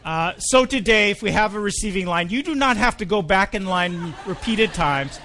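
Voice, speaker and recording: A man's voice: high voice, lively intonation, normal speed, sharp tone, a little hiss or hum. A man preaching at a church anniversary, telling a humorous story in a conversational manner with frequent ums. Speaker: pastor.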